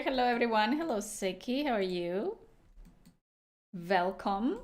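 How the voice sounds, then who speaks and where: A woman's voice: mid-range voice, lively intonation, a little slow. A young woman live-streaming a game, chatting casually and teasing her viewers as she answers them. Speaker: livestreamer.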